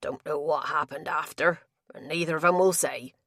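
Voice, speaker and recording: A woman doing a gruff, sulky big tapster. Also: sits low, normal speed, a bit bright, dry recording, studio quality. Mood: grumbling. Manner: gruff rustic dialect, belligerent then sulky.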